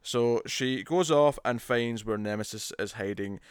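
A man's voice: medium pitch, a little slow, clean tone, dry recording, clean studio sound. A man co-hosting a casual comic book review podcast, talking with enthusiasm and acting out characters' lines as he retells scenes. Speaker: podcast co-host.

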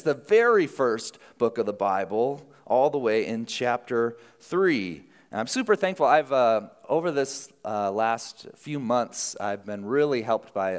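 A man's voice: medium pitch, smooth. A man preaching a sermon as pastor, in an informal, conversational way, after an opening prayer. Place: church sanctuary. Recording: reverberant church hall.

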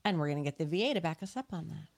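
A woman with a fairly low voice for a woman. She co-hosts a casual podcast and explains things earnestly, circling back and restarting as she goes. Her tone stays conversational and sincere. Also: expressive, racing, vocal fry, a little mellow. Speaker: podcast co-host.

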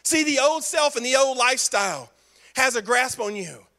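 Brief: male pastor, emphatic repeating preacher with jokey asides, high bright voice. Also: lively intonation, moderate pace. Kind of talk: sermon.

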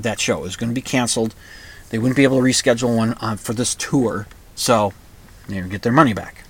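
A middle-aged man from the upper Midwest, hosting his own show in a rambling, halting monologue full of restarts. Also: medium pitch, fairly bright tone. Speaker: podcast host. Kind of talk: casual monologue.

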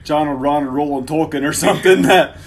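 A man's voice: on the high side, a little fast, a loud crowd. A man co-hosting a casual podcast, answering trivia with sarcastic jokes and frequent swearing. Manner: sarcastic, swears freely, joking. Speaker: podcast co-host answering quiz. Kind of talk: casual chat.

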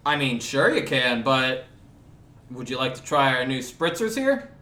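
A man's voice: mid-range voice, sing-song, measured pace, sharp tone, reverberant. A man voicing a chatty woman drink vendor who pushes fizzy spritzers, his put-on accent wandering about. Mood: pushy. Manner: pushy sales patter, wandering accent.

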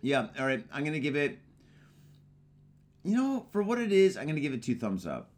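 A man's voice: on the high side, huge pitch swings, a little fast. A man co-hosting a casual podcast while drinking, tipsy and joking, with loose, profane banter and frequent chuckles. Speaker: podcast co-host.

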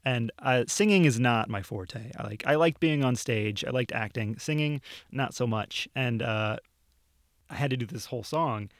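A relaxed young man tells stories on a podcast, his voice mid-pitched and unhurried, dotted with "uh"s and small laughs. The sound is close and dry, with no room around it. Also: dry recording. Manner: laid-back storytelling with frequent fillers and laughs. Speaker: video producer. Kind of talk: casual podcast chat. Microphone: studio microphone.

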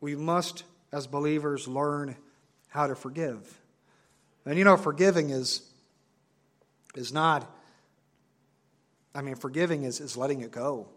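A man preaching a sermon to his assembly, earnest and emphatic, repeating key phrases and slowing down on stressed words. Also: on the high side, a bit bright. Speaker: pastor.

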